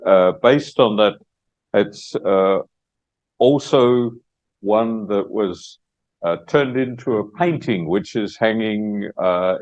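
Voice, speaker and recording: An Australian man giving a public lecture as guest speaker, unhurried and with many hesitations. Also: on the low side, darkish tone, lo-fi sound.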